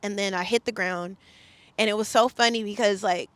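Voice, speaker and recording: Heated and profane, a Bay Area woman tells a story emphatically as a guest on a casual storytelling podcast. Her voice is medium-pitched and fairly bright, with fairly even intonation and a moderate pace, and the recording has no echo.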